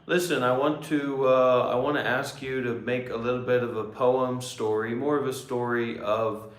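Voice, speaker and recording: A man hosting a livestream, who talks in a slow, deliberate, probing way while quizzing an AI. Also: mid-range voice, steady tone. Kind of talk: casual live chat. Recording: echoey room.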